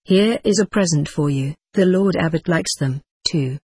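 A kindly monk speaking low and quiet, in a pleased murmur, as a reader puts him on. The voice is breathy and soft, heard dry and close. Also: moderate pace, dry recording, close to an everyday voice.

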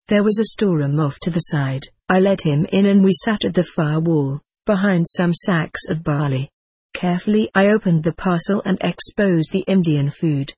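A reader giving first-person scripted narration of a story in a measured, even manner. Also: mid-range voice, slightly rough, dry recording. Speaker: audiobook reader.

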